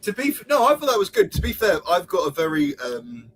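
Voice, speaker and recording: A young man hosting a casual stream, goofy and full of jokes. His voice sits a touch high and moves around a lot, with faint noise underneath. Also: very animated, a little fast, fairly bright tone. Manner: goofy, joking. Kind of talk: casual chat.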